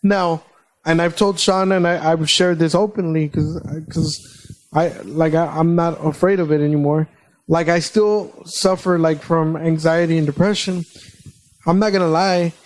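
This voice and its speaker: A man co-hosting a podcast, telling a personal story in a casual, animated way with plenty of swearing. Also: a little high, low-quality recording. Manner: animated, swearing, quick retelling. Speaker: podcast co-host.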